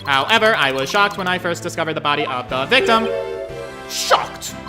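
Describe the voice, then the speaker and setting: A streamer voicing a stiff robotic male bomb expert in a video game, speaking in clipped, flat, telegraphic phrases over game music. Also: medium pitch, normal speed, lightly acted.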